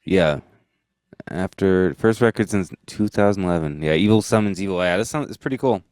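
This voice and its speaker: A man's voice: low voice, a little fast, a little mellow. A man chatting casually about music, rambling with many fillers and laughing easily.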